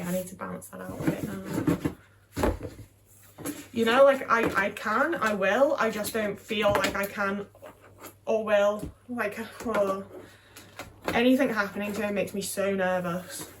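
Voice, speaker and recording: A young woman talking casually to her viewers while she packs, rambling, swearing and anxious, often trailing off and restarting. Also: medium pitch. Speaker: vlogger. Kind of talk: casual body-doubling chat while packing. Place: home room, packing boxes. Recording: distant mic with faint noise.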